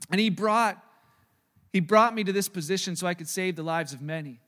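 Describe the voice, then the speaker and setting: High-voiced male pastor in a reverberant hall. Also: brisk. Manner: animated, acts out quoted voices, swings loud and soft. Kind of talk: sermon.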